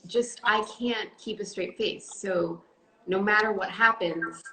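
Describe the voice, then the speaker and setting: A woman in her forties, an actress, chatting playfully on a live phone stream and breaking into loud joking yells. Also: medium pitch, unhurried. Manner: giggly, playful, bursts into loud yelling bits. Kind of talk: casual chat on a live stream. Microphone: phone on a live video stream. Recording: roomy phone stream with faint hiss.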